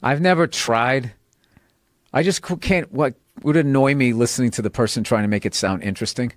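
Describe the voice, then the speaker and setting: A man's voice: medium pitch, a little fast. A man in casual podcast chat, telling profane stories and laughing as he goes.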